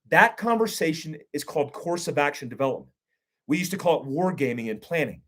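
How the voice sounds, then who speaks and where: A middle-aged man teaching self-defense, talking bluntly and with profanity, acting out street confrontations and questioning the listener. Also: a little high. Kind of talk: instructional talk with acted scenarios.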